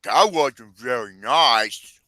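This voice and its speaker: Bright-voiced excitable man. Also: medium pitch, slow pace, no room sound. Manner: loud, swearing, laughing, excitable. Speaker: podcast host. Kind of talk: casual movie chat.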